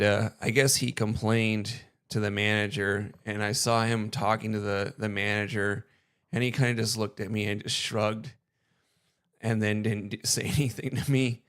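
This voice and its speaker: A man's voice: lowish voice, fairly bright tone, smooth. A young man casually telling a story to camera, rambling and hesitant, often chuckling between phrases.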